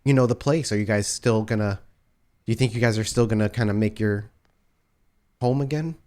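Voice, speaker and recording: A man's voice: lowish voice, a little fast, a little mellow, close to an everyday voice. A man voicing a friendly, curious young woman who learns ballet, speaking hesitantly in a tabletop role-play. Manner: hesitant, trailing off.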